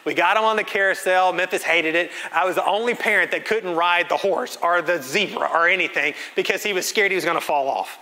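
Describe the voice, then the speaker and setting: A man with a high-pitched voice talks fairly quickly with few pauses as he preaches in a church sanctuary, the reverberant hall echoing around him. As a pastor doing sermon storytelling, he tells a funny family story, animated and self-mocking, acting out the quotes.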